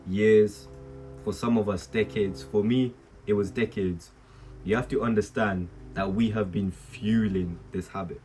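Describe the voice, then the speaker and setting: Young guy vlogging straight to camera, lowish voice, blunt and sweary, music in the back. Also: a little mellow. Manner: candid, swears, laughs at himself. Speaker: self-improvement youtuber. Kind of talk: casual talk to camera.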